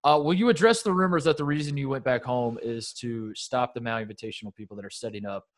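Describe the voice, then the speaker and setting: A man's voice: medium pitch, fast talker. A man co-hosting a podcast in casual chat, upbeat and laughing often as he talks. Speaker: podcast co-host.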